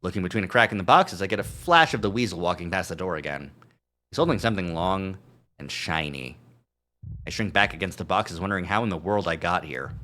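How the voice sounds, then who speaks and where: A man's voice: low-pitched, expressive, fairly quick, pushed and bright. A male streamer reading a visual novel aloud on a live stream, adding joking asides. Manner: reads narration with asides and chuckles.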